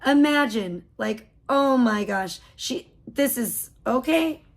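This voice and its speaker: A woman's voice: fairly high pitch, lively intonation, takes it slowly, vocal fry. A woman hosting a livestream, giving profane, mocking commentary. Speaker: livestream host. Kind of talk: live stream commentary.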